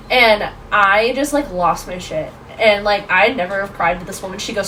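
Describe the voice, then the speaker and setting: A woman in her twenties, a podcast guest, telling a story in a casual, animated way, full of "like". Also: mid-range voice, brisk, hardly any pauses, far from the mic, slight background noise, rough recording. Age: 20s. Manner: animated, lots of fillers like "like".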